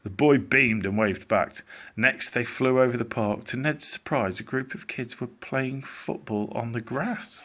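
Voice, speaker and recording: A man reading a children's storybook aloud as a teacher, in an animated, expressive way. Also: mid-range voice, unhurried.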